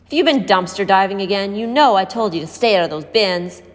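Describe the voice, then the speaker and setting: A woman's voice: a little high, sing-song, a little fast, big-room sound, voice pushed up. A woman voicing Ben, an authoritative boy who leads a group of street kids, while reading a storybook aloud. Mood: stern. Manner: authoritative, insistent.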